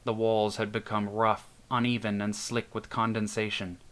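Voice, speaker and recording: A man narrating a scripted horror story in a steady storytelling manner. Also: lowish voice, normal speed. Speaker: narrator and author.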